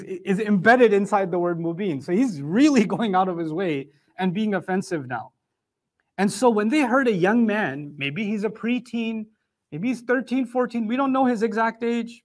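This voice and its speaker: A man giving a religious lecture on the Quran, explaining points in an animated, emphatic way. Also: high voice.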